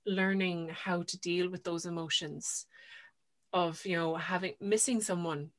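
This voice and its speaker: A woman's voice: lowish voice, fairly even intonation, measured pace. A woman co-hosting a podcast, retelling a book in a chatty, enthusiastic way with lots of fillers. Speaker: podcast co-host. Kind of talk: casual book chat.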